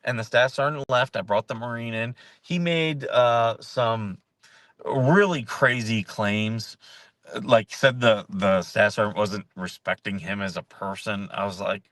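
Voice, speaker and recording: Middle-aged guy chatting on his show, rambly storytelling, mid pitch, dry close sound. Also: expressive, a little slow, fairly bright tone, no room sound. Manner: conversational storytelling with frequent restarts and fillers. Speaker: host. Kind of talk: casual talk show monologue.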